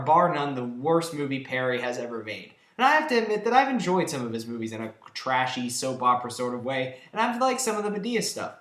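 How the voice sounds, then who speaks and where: A man's voice: on the high side, very animated, fairly quick, hardly any pauses, fairly bright tone. A man giving a countdown of films he disliked, talking in an emphatic, sarcastic and exasperated way. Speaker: film reviewer. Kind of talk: ranting countdown review. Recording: echoey room.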